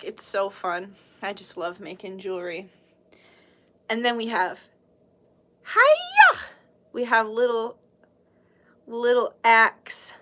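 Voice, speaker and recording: A woman's voice: a little high, fairly bright tone. A British woman hosting a casual livestream, chatting in a bubbly, giggly, gushing way. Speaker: livestream host showing handmade jewelry.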